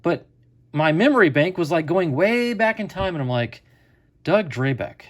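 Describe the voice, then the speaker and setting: His voice sits high with big pitch swings at a moderate pace. He's a middle-aged card collecting channel host chatting to camera, telling a story and performing the quoted lines.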